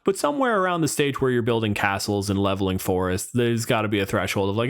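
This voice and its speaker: A man co-hosting a podcast in casual chat, animated, joking and swearing freely. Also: lowish voice, fast. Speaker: podcast co-host.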